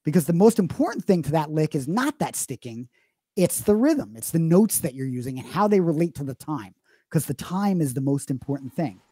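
A man's voice: on the high side, big pitch swings, brisk, dark tone, slightly rough, no room sound. A man explaining drumming as a teacher in a live online Q&A lesson, talking emphatically with frequent restarts. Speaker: drum teacher.

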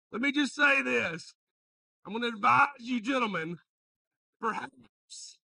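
A pastor preaching a sermon, joking with the congregation and calling out to them. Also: male voice, high voice, creaky, no room sound, far from the mic. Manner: joking, animated, calls out to the congregation.

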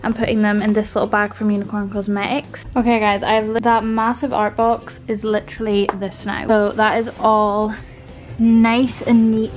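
A woman's voice: mid-range voice, level tone, normal speed, soft background music. A young British woman in casual, upbeat vlog chat, talking through her bedroom as she sorts it, filming on a phone held at arm's length. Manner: chatty, upbeat, rambling. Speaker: vlogger.

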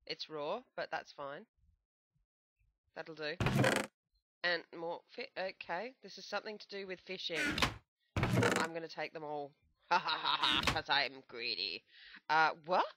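A woman's voice: sits low, a little slow, pauses often, very noisy. A young woman doing playful, joking commentary on a video game. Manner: playful, joking, self-mocking. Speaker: gameplay commentator. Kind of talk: let's play commentary.

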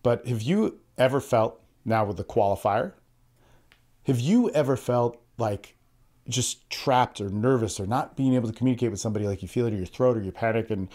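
Earnest male podcast coach, mid-pitched voice, tutorial delivery with acted-out example lines. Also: fairly quick, darkish tone. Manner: earnest, repeats words, shifts into quoted example speech. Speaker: podcast host and social skills coach.

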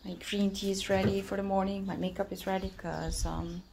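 A young female streamer and vlogger, a native Slovenian speaker, chats casually with her viewers, sounding tired and sore-throated while she giggles and talks to her chat and camera. Her medium-pitched voice is creaky and warm, with a level tone and a slightly fast pace. A little hiss or hum is audible.

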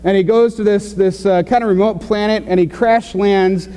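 A man's voice: high-pitched, fairly even intonation, moderate pace, warm tone, clean tone, long reverb tail. A man preaching a sermon in a loose, conversational way, full of fillers and restarts. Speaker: pastor. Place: church sanctuary.

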